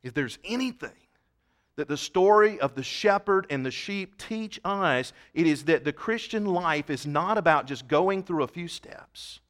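A man's voice: on the high side, a bit bright. A man preaching a sermon, telling stories and building to emphatic declarations. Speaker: pastor.

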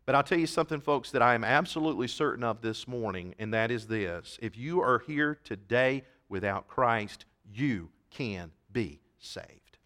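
A man preaching a sermon to a church congregation, earnest and emphatic, swinging from soft passages to loud appeals. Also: mid-range voice, lively intonation, normal speed, few pauses. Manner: reads scripture in King James wording. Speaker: pastor. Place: church service.

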